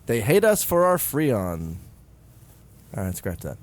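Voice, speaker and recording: A man's voice: mid-range voice, wildly swooping pitch, takes it slowly. A man co-hosting a comedy podcast in casual chat, playful and full of puns. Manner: goofy, punning, playful. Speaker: podcast co-host.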